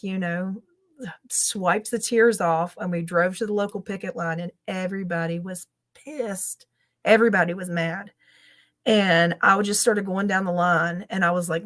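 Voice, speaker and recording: A woman's voice: medium pitch, steady tone, moderate pace. A woman teacher, telling an emotional story on a roundtable video call, laughing often between lines. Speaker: teacher and panel guest. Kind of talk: roundtable discussion.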